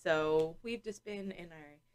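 A sleepy woman co-hosting a casual podcast, relaxed and drowsy, with lots of filler words. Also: fairly low pitch, measured pace, clean tone. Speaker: co-host.

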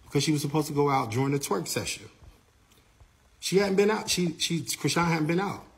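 A man working as a tour manager, retelling events in a casual, animated way and quoting the people involved. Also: on the high side, quick pace. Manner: animated storytelling, quoting others.

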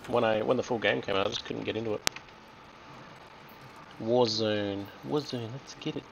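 Gravelly Australian man streaming a shooter. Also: fairly low pitch, noisy background. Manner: chatty, joking, reacting aloud to the game. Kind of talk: casual gameplay commentary. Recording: game gunfire and explosions loud behind voice.

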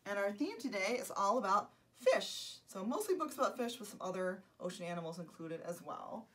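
A woman librarian hosting a children's story time, gentle, soft-spoken and encouraging as she reads aloud. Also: medium pitch, lively intonation, brisk, recorded from a distance.

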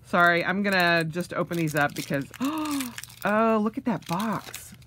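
A woman's voice: on the low side, expressive, measured pace, a bit bright, a little hiss or hum. A woman vlogger unboxing things, gushing with gasps and delighted exclamations. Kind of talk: casual unboxing vlog.

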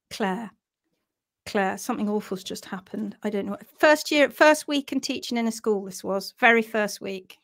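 A woman telling a funny story on a live stream, animated and self-mocking, laughing often. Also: a little high. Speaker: host of a live horse-care session.

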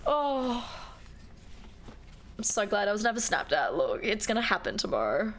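A woman's voice: medium pitch, wildly swooping pitch, moderate pace, pauses often, slight background noise. A woman chatting playfully with her viewers while streaming a game. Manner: playful, chatty, talking to chat. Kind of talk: casual live-stream chat.

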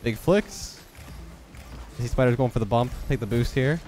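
A young man with a stuffed-up, nasal voice, giving quick, focused play-by-play commentary on his own game. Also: mid-range voice, a little mellow. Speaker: gaming YouTuber. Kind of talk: live gameplay commentary.

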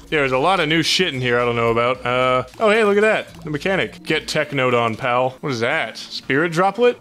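A young man giving profane, jokey Let's Play commentary, often yelling at the game. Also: mid-range voice. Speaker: gaming YouTuber.

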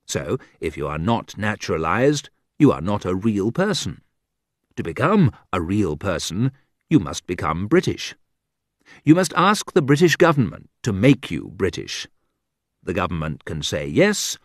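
A man reading a graded reader aloud as scripted narration, slow and deliberate, with a wide sing-song lilt. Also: on the low side, dry recording, studio quality. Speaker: audiobook narrator.

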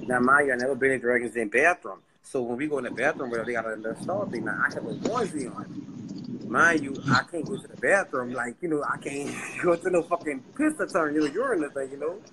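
A man's voice: medium pitch, fast talker, heavy background noise. A man, telling a story as an interview guest in a loose, profane way and acting out other people's lines. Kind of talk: casual storytelling.

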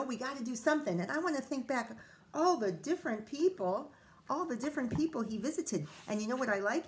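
A woman teacher reading a picture book aloud for children. Her voice is a bit higher than most women's. She keeps stopping to chat and ask the kids questions. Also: slight background noise. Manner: chatty, asks children questions. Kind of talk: storybook read-aloud for children.

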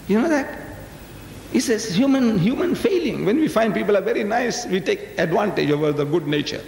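An older man addresses a crowd in a big hall, his pitch jumping up and down as he teases and quizzes his listeners. The voice sits a little high for a man, and long reverb from the room trails after each phrase, with a faint murmur of the audience behind him. It sounds like a live 1980s lecture recording. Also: sing-song, moderate pace, vocal fry, a little mellow, a little hiss or hum. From South Africa, of Indian descent. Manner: folksy, teasing, talks directly to the audience with rhetorical questions. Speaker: Islamic lecturer.

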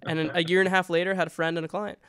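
A man's voice: high voice, little pitch movement, rapid-fire, a bit bright, clear, resonant tone. A man hosting a podcast interview, asking questions with curiosity and sharing his own stories. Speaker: podcast host.

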